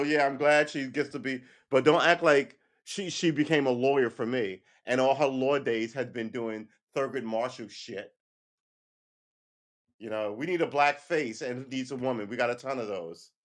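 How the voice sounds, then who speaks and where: A man hosting a casual livestream, ranting with heated emphasis, swearing often and checking in with "right?" between points. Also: mid-range voice. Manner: keeps asking "right?" and laughs between points. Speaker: livestream host.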